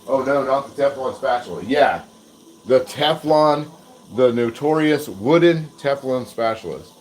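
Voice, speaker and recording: An American man hosts a live cooking stream, rambling casually and self-deprecatingly with frequent chuckles. His medium-pitched voice is expressive and a little slow. The audio is poor, with slight background noise.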